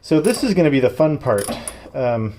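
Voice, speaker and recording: A man at an ordinary pitch narrates his DIY suspension job in a loose, chatty way. He jokes with his viewers and sounds strained when he has to reach. Faint ratchet clicks and mechanical sounds are heard behind him. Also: sing-song, normal speed, warm tone, a little hiss or hum. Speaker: DIY car vlogger. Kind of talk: casual how-to commentary while working. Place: working on a truck's rear suspension.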